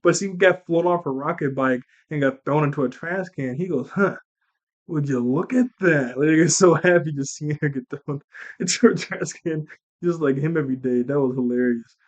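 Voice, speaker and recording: A young man rambles through a casual recap of a childhood movie. He laughs often and jumps into the characters' lines. His voice sits a little high, and the recording sounds dull and lo-fi. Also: a little fast. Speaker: movie reviewer.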